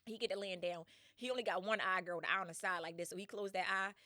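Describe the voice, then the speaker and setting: Bright, lively woman storytelling podcast host. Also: mid-range voice, quick pace, dry recording, clean studio sound. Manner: slangy, laughing, acts out voices in quotes. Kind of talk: animated casual storytelling.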